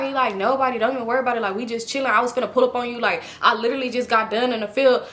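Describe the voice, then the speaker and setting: A young woman telling a story in a casual vlog, animated and swearing freely as she acts out both sides of the conversations. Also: on the high side, fast, hardly any pauses. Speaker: storytime vlogger.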